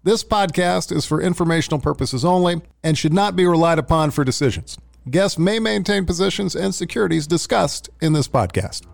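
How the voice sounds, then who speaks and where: A man reading a formal podcast disclaimer in an even, scripted delivery. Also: fairly high pitch, a little fast, vocal fry, no echo.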